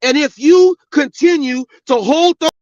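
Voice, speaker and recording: A man with a strikingly high voice rants at length, swearing freely and lecturing his listeners. The sound is dry and dull, like a lo-fi home recording with no room around it. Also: measured pace, a little mellow, no echo. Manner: angry, profane, preachy. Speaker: podcast host. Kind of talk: ranting monologue.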